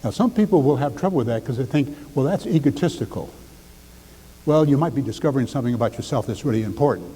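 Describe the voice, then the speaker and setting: Older man giving an animated talk. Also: mid-range voice, fast talker, slightly rough, in a large hall, rough recording. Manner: animated, acts out quotes, drops to near whisper for demonstration. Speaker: speaker. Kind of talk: seminar talk.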